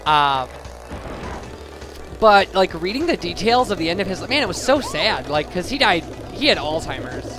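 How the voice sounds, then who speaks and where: Young male let's player, rambling and self-mocking, slightly high voice, game music behind. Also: sing-song, normal speed. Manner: rambling, chatty, self-deprecating, with many fillers. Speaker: let's play commentator. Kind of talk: casual gameplay commentary.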